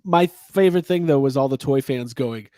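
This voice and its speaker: A man's voice: mid-range voice, moderate pace, warm tone, dry recording, clean studio sound. A man hosting a casual toy-collecting podcast, rambling with lots of fillers and jokes. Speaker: host.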